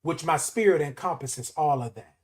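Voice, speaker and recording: A man with a notably high voice delivers a motivational morning talk. He presses his points home with emphatic repetition and a preaching rhythm. He sounds middle-aged and speaks as the show's host. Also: normal speed.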